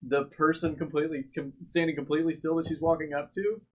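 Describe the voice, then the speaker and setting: A man's voice: on the high side, level tone, fast, breathy edge. A man hosting a casual let's play, joking, laughing often and reading game lines aloud. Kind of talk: casual gameplay commentary.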